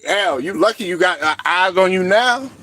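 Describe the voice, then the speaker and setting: Guy ranting about basketball, AAVE, high voice that swings all over, laughing and cussing. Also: normal speed. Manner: animated, laughs a lot, swears constantly, rants. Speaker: sports show host. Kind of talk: profane sports commentary monologue.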